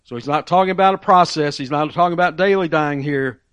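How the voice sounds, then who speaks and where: A man's voice: a little high, fast, fairly bright tone, no room sound. A man preaching a sermon, asking rhetorical questions and repeating key phrases for emphasis.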